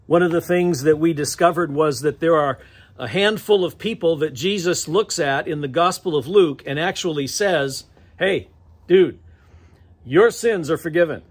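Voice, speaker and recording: A man's voice: on the high side, normal speed, husky. A man with an American accent preaching a sermon as pastor, conversational and often chuckling between phrases. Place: church sanctuary.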